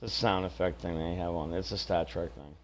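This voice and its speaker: A man's voice: deep voice, steady tone, a little fast, slight background noise. A man from the area, chatting casually and rambling with profanity while streaming a game. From Greater Boston area. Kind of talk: casual chat while gaming.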